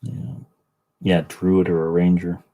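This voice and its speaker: A man's voice: deep voice, completely flat delivery, measured pace, mellow, poor audio. A middle-aged man hosting a livestream, chatting casually in a rambling, joking way while painting miniatures. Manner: rambling, self-deprecating, joking. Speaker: livestream host.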